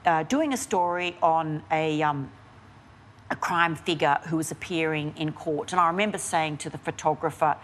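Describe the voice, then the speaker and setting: A woman's voice: low-pitched, moderate pace, a little hiss or hum. A woman, a journalist answering interview questions frankly and animatedly. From Australia. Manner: frank and animated, with frequent restarts and fillers. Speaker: investigative journalist, guest. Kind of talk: candid conversational interview answers.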